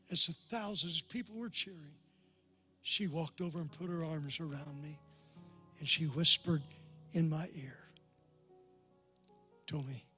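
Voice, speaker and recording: An older man preaching a sermon in a large church, telling a personal story and building to loud, impassioned climaxes. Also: on the high side. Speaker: pastor. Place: large church before a crowd.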